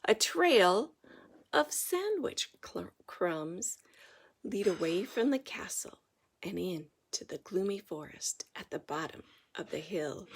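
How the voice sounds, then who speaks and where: An older woman reading a children's storybook aloud, expressive, often dropping into hushed whispers for suspense. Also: lowish voice, slow pace, slightly rough. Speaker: storybook reader.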